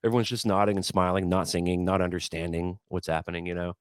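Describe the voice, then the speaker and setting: A man in a casual podcast chat, telling stories as a guest musician, animated and stumbling over repeated words as he talks. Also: low-pitched, fast, smooth.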